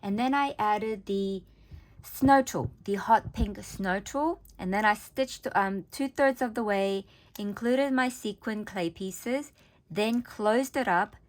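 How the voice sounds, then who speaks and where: A woman's voice: medium pitch, slow pace. Chatty woman showing off her craft projects. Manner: chatty, enthusiastic, with frequent ums and restarts. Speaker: crafting vlogger. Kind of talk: casual show-and-tell narration.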